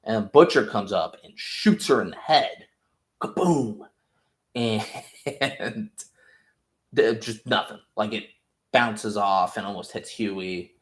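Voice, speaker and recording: A man's voice: fairly low pitch, takes it slowly, long pauses, fairly bright tone. A man casually recapping a TV episode, rambling, jokey and profane. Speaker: podcast host. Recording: roomy echo.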